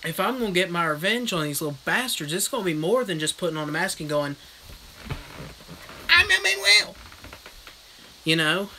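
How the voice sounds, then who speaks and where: A man's voice: a little high, fast talker, hardly any pauses, sharp tone, a little hiss or hum, low-quality recording. A man casually recapping a book in a comic, rambling, crude manner as a live streaming reviewer.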